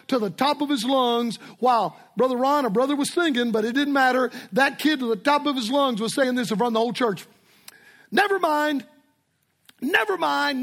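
An older man preaches in a church. His voice sits very high for a man. He tells stories with an emphatic, repetitive cadence. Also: a bit bright. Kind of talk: sermon.

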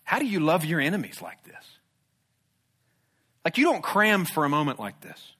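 Man preaching, fairly high voice, emphatic then hushed, sermon delivery. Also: very animated, normal speed, long pauses. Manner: swings from loud emphatic declarations to hushed low intensity. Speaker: pastor.

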